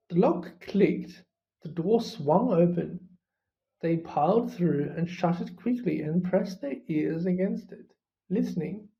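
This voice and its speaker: Slow, measured storybook narrator. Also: medium pitch, expressive. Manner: measured, unhurried reading. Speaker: audiobook reader. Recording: slightly muffled recording.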